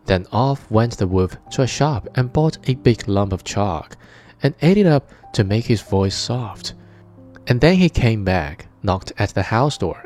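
Mellow-voiced man reading a fairy tale. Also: lowish voice, lively intonation, unhurried, faint music behind. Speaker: storyteller. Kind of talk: read-aloud fairy tale narration.

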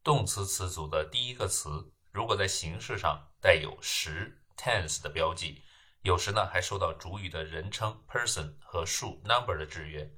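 A man giving a grammar lesson, explaining terms in a measured way and then reading example sentences. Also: low voice, pushed and bright, breathy edge. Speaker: English grammar teacher. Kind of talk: slow lecture narration with read example sentences.

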